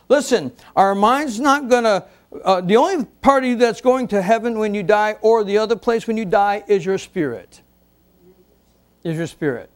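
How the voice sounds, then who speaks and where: High-voiced, slow, emphatic male preacher. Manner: slow, emphatic, repeating key words. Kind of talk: sermon. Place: church before a congregation.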